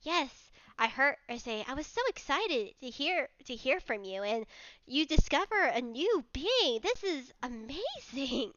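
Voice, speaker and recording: A woman voicing an excitable, dog-like woman professor who gushes, repeats herself and keeps saying "I say". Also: high-pitched, unhurried, dry recording, muffled recording, full character voice. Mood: eager. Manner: gushing, repeats herself, tic of 'I say'.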